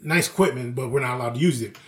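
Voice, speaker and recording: A man co-hosting a podcast, telling animated work stories in casual, profane chat and acting out his coworkers' lines. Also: mid-range voice, very fast. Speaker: podcast co-host.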